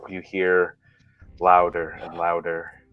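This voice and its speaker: A man running a tabletop game as game master, giving steady descriptive narration. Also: low voice, slow, phone-quality sound, faint music behind.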